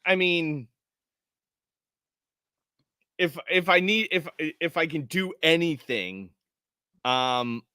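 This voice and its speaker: A man playing a tabletop horror game, describing his character's actions haltingly and full of fillers. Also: fairly high pitch, sharp tone, clean tone, dry recording, studio quality. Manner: halting, filler-heavy talk. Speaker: player. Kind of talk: casual tabletop game chat.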